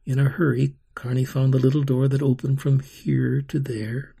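A man reading a story aloud in a slow, rhythmic, expressive way, voicing sound effects himself. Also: mid-range voice, gravelly, breathy edge.

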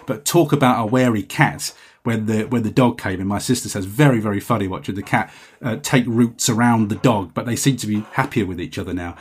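A man's voice: on the low side, fairly quick, breathy edge. A man hosting a podcast, chatting casually and reading out listener messages in a rambling, self-correcting way. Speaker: podcast host.

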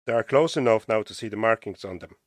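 Irish man, podcast host, reads aloud with stumbles, lowish voice, dry close sound. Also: fast talker, no room sound. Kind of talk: casual podcast chat, reading aloud from a diary.

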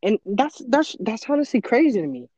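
A man's voice: very high voice, big pitch swings, moderate pace, a little mellow, no echo, lo-fi sound. A teenage boy in casual chat, earnest and motivational, often acting out his own inner voice. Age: teens. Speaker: podcast co-host.

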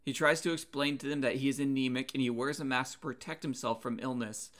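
Earnest male preacher, mid-pitched voice. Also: steady tone, fast talker, fairly bright tone. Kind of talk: sermon.

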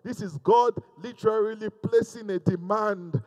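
Man preaching, high-pitched voice, emphatic, repeats lines for emphasis. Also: unhurried, a little mellow, low-quality recording. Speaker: pastor. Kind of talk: sermon.

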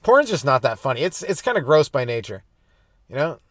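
A young adult man hosting a comedy podcast, stoned and rambling loosely through jokes with sudden animated bursts. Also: medium pitch, fairly quick, no echo, studio quality. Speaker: podcast host.

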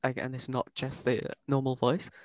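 A man's voice: medium pitch, monotone, normal speed, no echo. A Welsh man co-hosting a podcast, joking and teasing in casual chat. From Wales. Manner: joking, laughs often, teasing. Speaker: podcast co-host.

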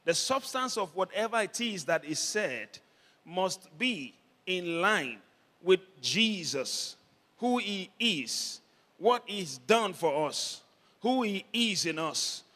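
A man preaching a sermon as pastor, leading the congregation in call-and-response and building up to shouts. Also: sits high, lively intonation, slow. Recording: long hall reverb.

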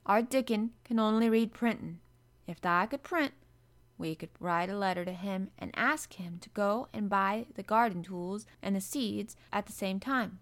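A woman's voice: medium pitch, moderate pace, close to an everyday voice. A woman voicing a blunt, cheerful young housemaid with a broad Yorkshire accent, talking in hearty dialect.

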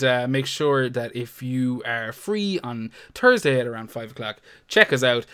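Bright-voiced man ranting, profane. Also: a little high, clear, resonant tone. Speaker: podcast co-host. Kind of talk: casual podcast chat.

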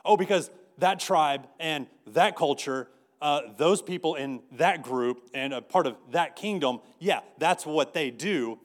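A pastor delivers a casual, storytelling sermon in a voice a little higher than most men's. He often restarts his sentences and doubles up on words as he goes. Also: a little slow. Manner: conversational preaching with many restarts and repeated words.

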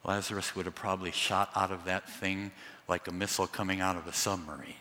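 A man preaching a sermon through a sound system, telling the story dramatically with lively asides. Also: deep voice, fairly quick, big-room sound. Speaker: pastor. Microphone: amplified through a sound system.

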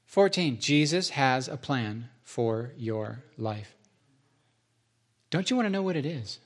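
A man's voice: mid-range voice, animated, slow. A male pastor preaching a sermon, listing points, repeating them for emphasis and making joking, self-deprecating asides.

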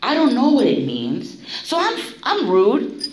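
Woman, middle-aged, recovery share, blunt, profane, very lively pitch, echoey room. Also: a little slow. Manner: profane, blunt, laughing storyteller. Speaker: recovery meeting speaker. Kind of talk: candid storytelling share.

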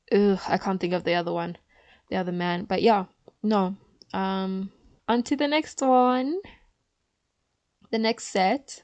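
A woman's voice: medium pitch, vocal fry, darkish tone, no echo. A woman vlogging in a casual chat, chatty and opinionated, with frequent fillers.

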